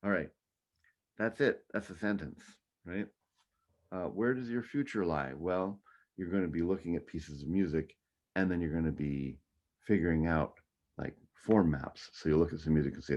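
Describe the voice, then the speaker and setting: A man's voice: very deep voice, normal speed, a little mellow. A man teaching a music theory lesson in a casual way, humming tunes to show his point. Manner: casual, hums and scats the melodies. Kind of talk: recorded online lecture. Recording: dull lo-fi audio.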